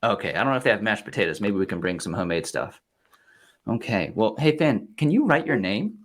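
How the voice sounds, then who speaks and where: Young dad host goofing around w his little kid, voice bounces up and down a lot, soft and coaxing. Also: lowish voice, very animated, a little fast. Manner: gentle, playful, coaxing. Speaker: podcast host. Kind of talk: casual chat with his toddler son.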